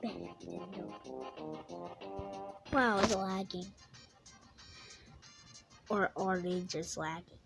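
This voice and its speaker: A young woman giving excitable gameplay commentary, gasping and exclaiming at what happens in the game. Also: lowish voice, slow pace, gravelly, long pauses, over music, rough recording. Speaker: gaming YouTuber.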